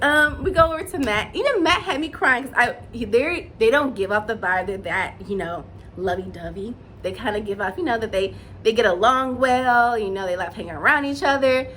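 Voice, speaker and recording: A young woman reviews a dating show in a relaxed, chatty vlog voice that sits a touch high. She gushes freely and lets her voice jump up into squeals when something moves her. A faint hiss runs under the recording. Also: moderate pace, low-quality recording.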